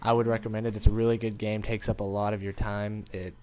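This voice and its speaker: A man's voice: lowish voice, little pitch movement, fast talker, mellow. A man giving casual gameplay commentary, rambling and informal, talking straight to his viewers. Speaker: gaming commentator.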